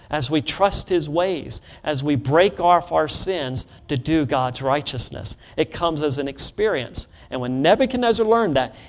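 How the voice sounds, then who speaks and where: A man preaching a sermon, leading the congregation to repeat phrases back, rushing through asides and slowing hard on emphatic lines. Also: a little high. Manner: call-and-response, leads congregation in repeating phrases; swings between quick asides and slow emphatic declarations.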